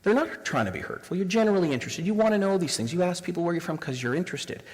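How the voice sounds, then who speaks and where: A man's voice: high voice, expressive, racing. Man in his forties presenting in an echoing room. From Canada. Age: 40s. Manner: engaging, asks the audience rhetorical questions. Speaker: diversity workshop facilitator. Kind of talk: live presentation to an audience. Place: room with a live audience. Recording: reverberant room sound.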